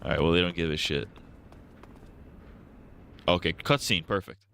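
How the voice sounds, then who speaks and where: A man's voice: deep voice, moderate pace, gravelly, fairly bright tone, a little hiss or hum. A man streaming a game, talking casually and crudely, rambling and joking as he plays. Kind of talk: casual gameplay commentary.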